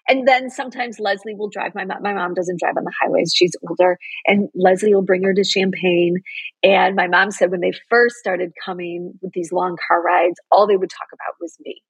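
A woman's voice: fairly low pitch, slightly rough, no echo, rough recording. A middle-aged woman, a TV news anchor, earnestly telling a heartfelt personal story in an interview.

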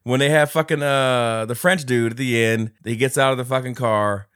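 A man's voice: mid-range voice, steady tone, moderate pace, a bit bright, clear, resonant tone, no echo, studio quality. A man co-hosting a casual podcast, recapping a movie plot in detail and swearing freely. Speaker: podcast co-host. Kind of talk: casual movie review chat.

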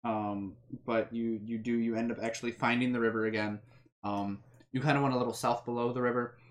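A woman narrating as game master, talking quickly with many fillers. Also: extremely low pitch, fairly even intonation. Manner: fast, filler-heavy narration with many ums.

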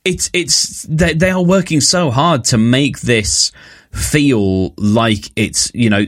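A man's voice: mid-range voice, slow pace, a bit bright. A British man co-hosting a casual comedy chat, ranting animatedly and slipping into mocking voices. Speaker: podcast co-host.

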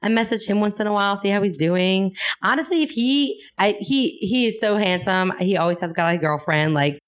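A woman's voice: medium pitch, fairly quick. A woman comedian and actor, a podcast guest, telling stories in casual chat and laughing often.

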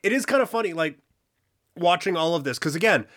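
A man's voice: high-pitched, expressive, brisk, a bit bright. A man with a Boston accent, tinged with Texas, co-hosting a casual history chat and reading from notes with easy laughs. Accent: Boston with a touch of Texas. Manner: laid-back, chuckling, hesitant restarts. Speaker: podcast co-host.

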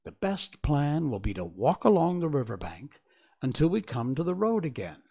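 A man's voice: fairly high pitch, sing-song, moderate pace, creaky, mellow, husky, pitched above the performer's own voice, exaggerated voice. Man doing a sensible big lion.

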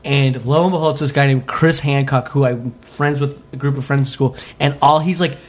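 A man from Utah telling a story on a comedy podcast, animated, laughing and swearing freely. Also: mid-range voice, fairly quick. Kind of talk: casual storytelling.

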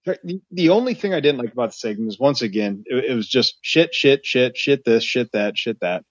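Male co-host, slightly raspy, hesitant casual chat, dull dry recording. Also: medium pitch, expressive, fairly quick, no room sound. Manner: hesitant, restarts a lot. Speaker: podcast co-host.

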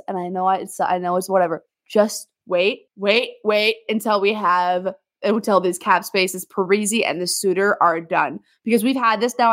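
A woman's voice: mid-range voice, fairly bright tone. Exasperated ranting woman sports fan. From Minnesota. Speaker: podcast guest. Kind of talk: casual sports chat.

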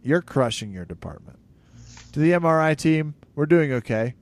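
A man co-hosting a podcast in casual comedic chat, joking and animated, with sudden loud emphasis. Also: a little high, normal speed. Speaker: podcast co-host.

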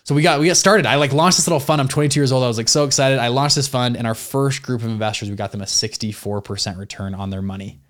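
A young adult man, an entrepreneur guest in an interview, telling stories in a slangy, animated way with many fillers. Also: mid-range voice, quick pace, few pauses. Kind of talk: casual interview storytelling.

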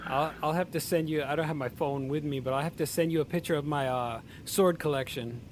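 Excitable, swearing man with a higher voice. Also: a little fast, slight background noise. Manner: loud exclamations, swears, laughs often. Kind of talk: casual chat.

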